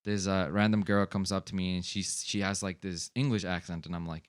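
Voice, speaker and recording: A man's voice: sits low, steady tone, fairly quick. Rambling young man telling a story. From Long Island, USA. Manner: rambling storyteller, swears a lot, many fillers. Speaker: podcast co-host. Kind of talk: casual chat.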